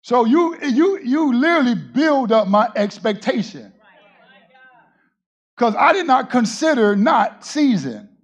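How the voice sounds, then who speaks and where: A male pastor preaching a sermon, often shouting to his congregation and calling on them to answer. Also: very high-pitched, sing-song, a little slow, husky, muffled recording.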